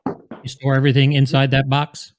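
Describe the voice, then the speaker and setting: A man's voice: mid-range voice, completely flat delivery, moderate pace, background noise. A man co-hosting a casual chat, asking questions and speaking hesitantly. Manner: hesitant, many fillers and restarts.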